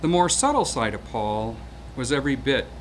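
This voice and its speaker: A man's voice: mid-range voice, very animated, moderate pace, slight background noise. A man around seventy reading a prepared eulogy for an old friend, hesitant at first and then telling stories with acted-out quotes.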